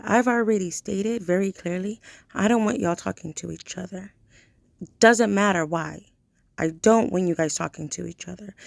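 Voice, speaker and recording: A gravelly-voiced woman in her late twenties vents straight to the camera, heated and swearing freely. Her voice sits at a middling pitch with plenty of fry. The sound is dry and close, with no room around it. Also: dry recording. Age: late 20s. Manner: heated, profane, talks straight at the listener. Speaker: vlogger. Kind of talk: angry direct-to-camera rant.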